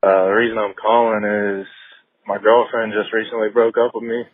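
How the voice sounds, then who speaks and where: A man's voice: lowish voice, little pitch movement, dry recording. Choked-up male caller on a tinny phone line. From North Carolina. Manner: hesitant, halting with many fillers. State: choked up, fighting tears.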